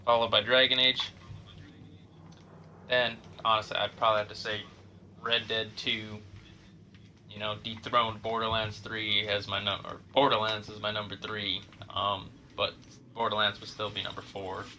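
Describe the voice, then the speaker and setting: A man's voice: fairly low pitch, flat delivery, normal speed, sharp tone, a little hiss or hum. A man streaming a video game from his garage, chatting casually with viewers in a laid-back, chatty way with occasional swearing. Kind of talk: casual gameplay commentary.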